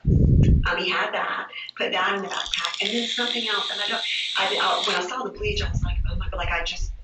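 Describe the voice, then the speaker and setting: A woman giving a police statement, halting and distressed, often restarting her sentences. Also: mid-range voice, fairly even intonation. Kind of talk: recorded police interview. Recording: distant, echoey, lo-fi room recording with loud hiss.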